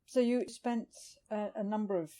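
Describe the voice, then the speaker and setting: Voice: mid-range voice, fairly even intonation, normal speed, mellow. An interviewer walking the city streets outdoors, giving brief encouraging backchannels and short questions.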